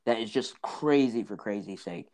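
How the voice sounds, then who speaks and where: A man's voice: on the low side, normal speed, a little mellow. A man co-hosting a casual podcast, rambling through a story and acting out lines. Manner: rambling, acts out characters mid-story. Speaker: podcast co-host. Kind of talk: casual chat.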